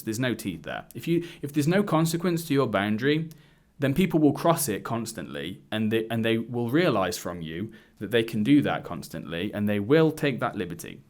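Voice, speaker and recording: A dating coach with a medium-pitched voice tells a personal story straight to camera, speaking a bit fast with big pitch swings and hardly pausing. He's candid, swears some, and acts out quotes, sitting indoors in a hood with sound from the camera mic.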